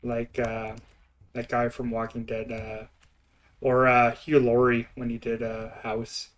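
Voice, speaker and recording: A man's voice: medium pitch, monotone, takes it slowly. A young man with an Eastern Canadian accent, chatting and rambling while he streams a building game, often laughing. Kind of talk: casual gameplay commentary.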